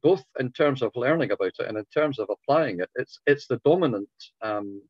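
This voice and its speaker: A man whose voice is going hoarse talks a society through a technical subject, stopping and restarting his phrases as he goes. The call audio is dull and muffled, with a dry sound and no room echo. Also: medium pitch, animated. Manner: halting, patient explaining with many restarts. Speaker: club speaker. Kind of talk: informal talk answering questions.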